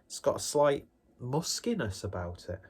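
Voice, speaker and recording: A man's voice: mid-range voice, sing-song, moderate pace, husky. A man casually reviewing a beer on his vlog in a rambling, jokey, self-deprecating way.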